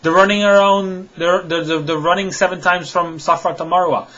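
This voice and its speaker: A man's voice: sits high, steady tone, moderate pace, bright, forceful tone, dull audio. Argumentative man, scoffing rhetorical questions. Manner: repeats himself and restarts when worked up. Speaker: religious apologist answering a critic. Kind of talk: direct-to-camera rebuttal monologue.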